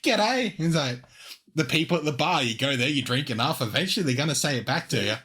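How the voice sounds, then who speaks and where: A man's voice: medium pitch, very fast, a crowd in the background. An Australian man co-hosting a podcast, talking in loose rambling sentences. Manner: rambling, lots of "like" fillers. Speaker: podcast co-host. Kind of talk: casual chat.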